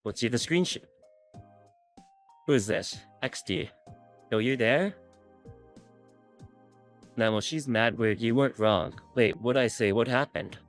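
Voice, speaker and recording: A man's voice: medium pitch, unhurried, pauses often, faint music behind. A man streamer reading posts aloud and reacting in a casual, wry way with some swearing.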